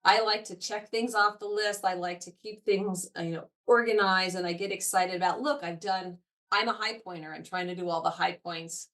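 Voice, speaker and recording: An eager, talkative woman with a somewhat low voice speaks as a guest in a podcast conversation. She sits a little back from the microphone, so her voice sounds set at a slight distance. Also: steady tone, a little fast, few pauses, fairly bright tone. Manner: eager, talkative, frequent fillers. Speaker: parks foundation representative, guest.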